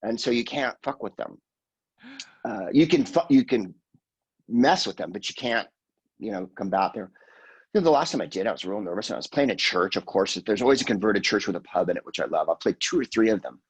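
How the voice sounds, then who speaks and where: Older comic guy, husky low voice, rambling swear-y stories on a podcast. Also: expressive, brisk, low-quality recording. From California, USA. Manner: rambling, profane storyteller who slips into quoted voices. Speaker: guest comedian. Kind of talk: casual podcast chat.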